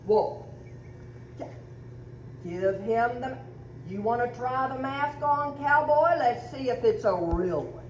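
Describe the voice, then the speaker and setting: A woman hosting a community video, talking in a teasing, animated way to a man and a set of stuffed toys. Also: a little high, slow pace, long pauses. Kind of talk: playful skit narration. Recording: echoey, dull, faint background noise.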